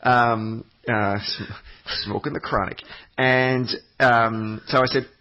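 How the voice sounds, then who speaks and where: On a podcast, a regular guest slowly tells a rambling, sweary travel story full of fillers and restarts. His mid-range voice stays fairly even in intonation, and the muffled lo-fi audio carries a bit of hiss or hum.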